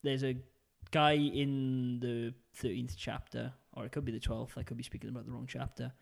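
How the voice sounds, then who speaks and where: A man's voice: medium pitch, little pitch movement, normal speed, creaky. A man with a Welsh accent, co-hosting a casual gaming podcast, rambling through stories. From Wales. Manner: rambling, chatty storytelling. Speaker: podcast co-host. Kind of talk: casual chat.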